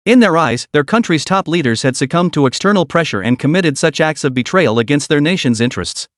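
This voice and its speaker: A man narrating a story recap in an even, steady reading style. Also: on the high side, a little fast, dry recording, studio quality.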